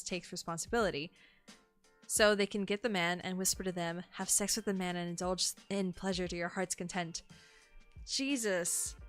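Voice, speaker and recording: A young woman streaming, who reads entries aloud calmly and breaks into shocked, swearing exclamations. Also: medium pitch. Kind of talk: live-stream reaction and reading aloud.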